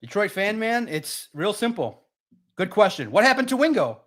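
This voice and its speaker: Guy doing a sports live stream, kinda high voice, fired up, chatting with viewers. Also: normal speed. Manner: animated, talks straight to chat viewers. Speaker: sports livestream host. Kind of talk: casual live-stream talk.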